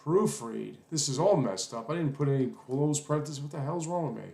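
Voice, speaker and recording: A man's voice: fairly high pitch, expressive, a little fast, vocal fry, a little mellow, echoey room. A man teaching a casual coding lesson while typing, rambling, apologizing, and cursing at his own mistakes. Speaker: coding tutorial instructor.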